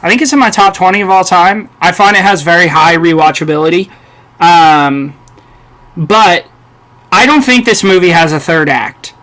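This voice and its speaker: Bright high-voiced man in casual film chat. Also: lively intonation, moderate pace. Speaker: podcast co-host.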